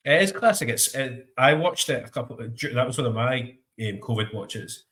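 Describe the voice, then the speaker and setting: A man's voice: medium pitch, animated, normal speed, fairly bright tone. A Scottish man co-hosting a podcast in casual chat, rambling with stumbling restarts and frequent laughs. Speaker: podcast co-host.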